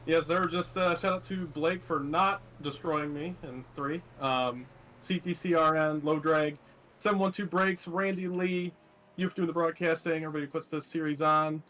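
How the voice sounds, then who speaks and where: A man's voice: fairly high pitch, steady tone, normal speed, fairly bright tone. A young man talking after winning a sim race, enthusiastic and polite, answering with yes sir. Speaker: race winner, interviewee. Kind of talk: casual post-race interview.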